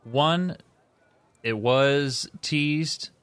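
A man's voice: fairly high pitch, very slow, fairly bright tone, smooth, no echo. Laid-back man co-hosting, dry close sound. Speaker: podcast co-host. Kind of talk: casual gaming podcast chat.

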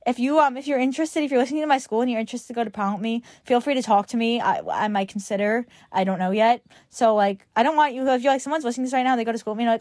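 A woman's voice: fairly high pitch, quick pace, hardly any pauses, a little mellow, no echo, clean studio sound. A teenage girl from Long Island hosts her podcast in a rambling casual chat, filling her sentences with "like". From Long Island, New York. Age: teens. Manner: rambling, fillers of "like" throughout. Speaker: podcast host.

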